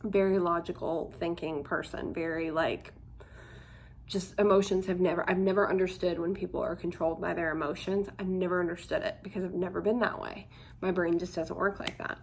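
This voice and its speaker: Candid young woman vlogger, low gravelly voice. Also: steady tone, brisk, a little hiss or hum. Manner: chatty, candid, frequent "like" fillers. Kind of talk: casual chat to camera.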